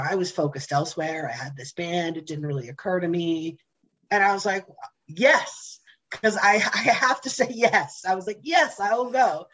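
Chatty woman recounting her singing days, husky and low-pitched, laughing often. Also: poor audio. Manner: chatty, laughs often, many fillers and restarts. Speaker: singer telling her story. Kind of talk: casual storytelling.

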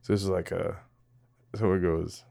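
A male podcaster speaks alone to his listeners in a loose, rambling way, swearing freely, laughing, self-mocking, and often restarting his thoughts. His voice is lowish, creaky, and dark, with fairly even intonation at a moderate pace.

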